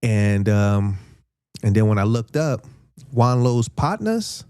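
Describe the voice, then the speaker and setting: Slow, mellow-voiced man in his fifties. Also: on the low side, sing-song, clean tone, no echo, studio quality. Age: 50s. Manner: laid-back, slangy, acts out quotes. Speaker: podcast host. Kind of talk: casual storytelling.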